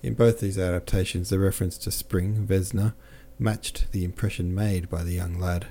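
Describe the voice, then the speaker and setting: A man narrating a classic novel as an audiobook in a steady, measured reading. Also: low-pitched. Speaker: audiobook narrator and podcast host.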